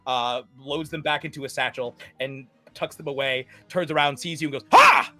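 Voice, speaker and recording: A man narrating a tabletop game as game master, in a casual, animated way. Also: mid-range voice, brisk, soft background music.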